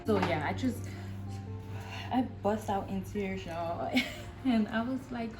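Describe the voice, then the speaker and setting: A woman's voice: medium pitch, slow pace, low-quality recording. A young woman talking straight to her viewers in an unscripted, rambling way. She keeps addressing them as "y'all" and fills her sentences with "like". Music plays behind her voice. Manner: candid and rambling, with many "like"s and "y'all"s. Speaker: vlogger, new mother sharing her story. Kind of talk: casual personal storytelling to camera.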